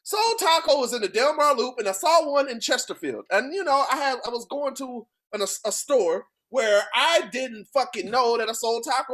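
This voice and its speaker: A man with a St. co-hosting a casual wrestling podcast, ranting loudly and profanely for comic effect. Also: very high-pitched, expressive, moderate pace, hardly any pauses. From St. Louis area. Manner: loud profane comedic ranting. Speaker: podcast co-host.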